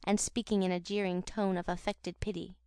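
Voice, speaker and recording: A woman narrating a classic novel audiobook in a measured, dramatic storytelling manner. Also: on the low side, flat delivery, dark tone, smooth, no echo, studio quality.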